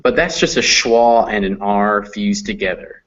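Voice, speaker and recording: A man teaching English pronunciation in an online class, patiently explaining phonetic symbols and slowing down to demonstrate sounds. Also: fairly low pitch, a bit bright, muffled recording.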